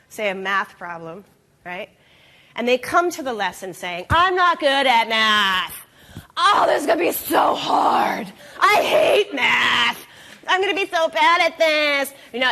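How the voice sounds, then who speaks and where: A woman giving a live talk at an expo, animated, acting out quoted voices and asking the audience questions. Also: on the high side. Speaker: expo speaker. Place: event stage.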